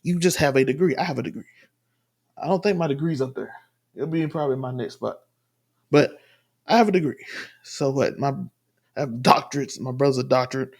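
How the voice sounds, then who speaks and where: A man's voice: mid-range voice, brisk, creaky, long pauses. A man from the Southern US giving rambling, emphatic casual commentary while reacting to a clip at home. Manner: rambling, emphatic, restarts often. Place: home room.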